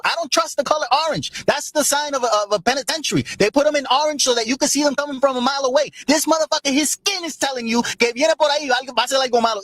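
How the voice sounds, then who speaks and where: High voiced guy ranting super fast, drops spanish bits, dry sound. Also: fairly bright tone, no echo. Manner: rapid ranting that mixes in Spanish phrases. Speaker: clip commentator. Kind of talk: casual rant.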